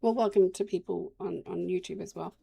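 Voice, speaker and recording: A woman's voice: on the low side, fairly quick, gravelly, dark tone, husky. An Australian woman chatting casually to her viewers while streaming a game, rambling from topic to topic. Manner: rambling, chatty, talks to chat while playing. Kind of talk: casual live-stream chat.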